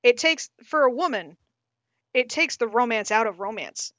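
A woman co-hosting a casual podcast, animated and emphatic, talking with strong conviction. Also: fairly high pitch, moderate pace, no room sound. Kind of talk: casual discussion.

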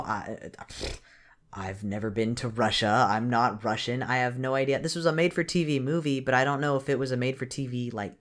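A podcast co-host in casual chat who laughs often and trails off mid-sentence. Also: mid-range voice.

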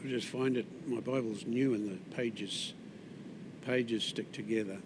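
A man's voice: medium pitch, fairly even intonation, a little slow, background noise. Conversational New Zealand man preaching. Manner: conversational preaching, restarts and asides, drops soft on key words. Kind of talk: sermon.

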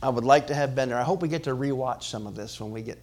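A man preaching a sermon to his congregation, swinging between loud emphatic rises and quiet drops, often asking the church questions. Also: medium pitch, quick pace. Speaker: pastor.

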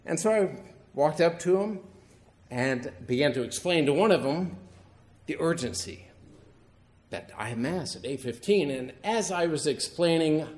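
Middle-aged male priest, wry storytelling homily, mid-pitched voice. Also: a little mellow. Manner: storytelling, conversational with wry humor.

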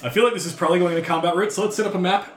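A man running a tabletop game as game master, quickly explaining rules and describing the scene. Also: high voice, steady tone. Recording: echoey room, background noise.

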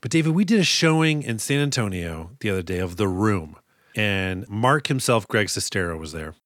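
A man's voice: on the low side, animated, normal speed, a bit bright, no room sound, studio quality. A man co-hosting a podcast, telling stories in a joking, self-deprecating way. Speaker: podcast co-host. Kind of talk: casual chat.

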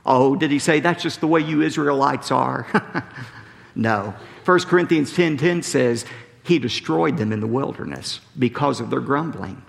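A man preaching a sermon as a pastor, emphatic, often dropping low and slow on key phrases. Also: fairly bright tone. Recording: preached in a large hall with long reverb.

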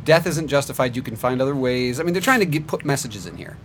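A man's voice: medium pitch, lively intonation, fast talker, slight background noise. A man co-hosting a casual podcast chat, wry and critical. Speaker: podcast co-host.

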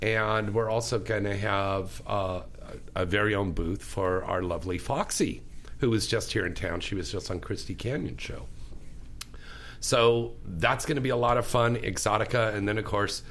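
A man's voice: on the low side, normal speed, a bit bright, a little hiss or hum. A man hosting a talk radio show, chatting in an effusive, enthusiastic way.

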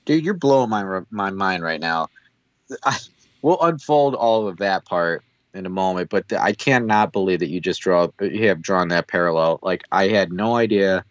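Low-voiced man recapping, dry and lo-fi. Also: normal speed, dry recording. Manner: animated storyteller who acts out quoted lines. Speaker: podcast co-host. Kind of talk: casual chat recapping a TV episode.

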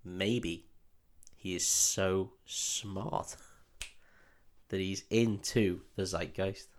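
A man's voice: low-pitched, steady tone, extremely slow. A man co-hosting a podcast, retelling a film in a crude, joking way and slipping into character voices. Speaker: podcast co-host. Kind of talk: casual comedic film recap.

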